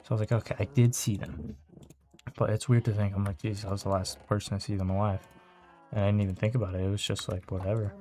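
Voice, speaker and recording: A man's voice: lowish voice, flat delivery, fast talker, warm tone, a little hiss or hum. A young man telling a casual story in a rambling way, with lots of fillers and swearing, still shaken and upset. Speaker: vlogger.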